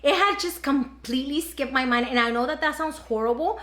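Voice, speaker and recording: A young mother vlogs from home, telling her viewers a story in a chatty style packed with fillers and "like" throughout. Her voice sits high and is fairly bright, and she talks a little fast. The recording has a roomy echo.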